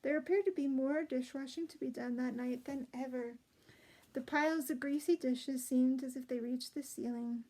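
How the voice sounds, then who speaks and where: A woman reading a children's storybook aloud in a gentle, expressive way. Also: high voice, rough recording. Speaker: storybook reader.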